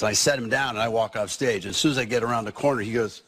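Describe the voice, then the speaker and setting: A man's voice: mid-range voice, very fast, few pauses, a bit bright, slightly rough. A middle-aged man, a comedian guest, telling rambling stories in a casual interview with frequent restarts.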